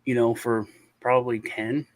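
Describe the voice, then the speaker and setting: A man's voice: medium pitch, little pitch movement, normal speed. A man hosting a show, telling a long story in casual chat over a video call, with lots of restarts and sighs. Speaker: show host.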